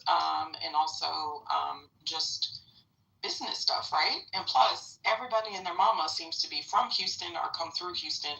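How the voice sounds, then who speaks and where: A woman's voice: sits low, bright, forceful tone, far from the mic, poor audio. A middle-aged woman hosting a live audio chat room, talking bluntly and casually, swearing freely and addressing the listeners directly.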